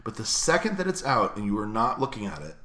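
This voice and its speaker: A man's voice: on the low side, sing-song, fast talker, pushed and bright, reverberant. A young man co-hosting a podcast in loose, profane, joking casual chat. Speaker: podcast co-host.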